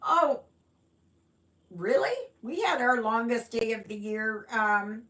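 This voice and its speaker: Slow, chatty woman live-streaming her stitching. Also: a little high, lively intonation, fairly bright tone. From Canada. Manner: chatty, reads viewer comments aloud and greets them; unhurried, rambling with fillers. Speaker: stitching livestream host. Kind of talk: casual live-stream chat.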